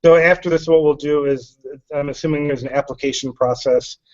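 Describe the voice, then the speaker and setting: A man hosting an online science interview, asking halting questions with fillers. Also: fairly high pitch, steady tone, darkish tone, dry recording, dull audio. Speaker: host of online science hangout.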